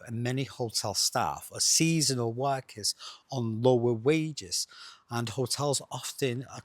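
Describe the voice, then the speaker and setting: A middle-aged man, chatting quickly and rhetorically as he explains travel costs to viewers. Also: mid-range voice, fairly bright tone, no room sound. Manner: chatty, rhetorical, fast-talking. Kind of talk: casual explainer monologue.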